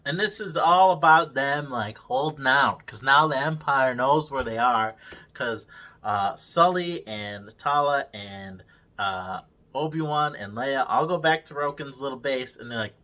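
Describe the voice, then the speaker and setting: A man's voice: mid-range voice, unhurried, pushed and bright. A man hosting a casual review, ranting with constant profanity and exasperated sarcasm. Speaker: show host reviewing a series.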